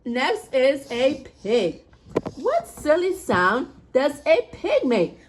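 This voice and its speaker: A woman's voice: sits high, wildly swooping pitch, slow pace, background noise. A woman hosting a children's video, teaching in a playful, sing-song way. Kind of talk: preschool teaching. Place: homestead.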